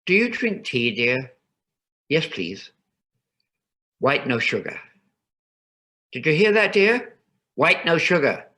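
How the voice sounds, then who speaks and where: A man's voice: medium pitch, wildly swooping pitch, takes it slowly, long pauses, sharp tone, husky, full character voice. A man voicing a kindly older grieving mother who fusses over her guest and calls everyone dear. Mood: fussing.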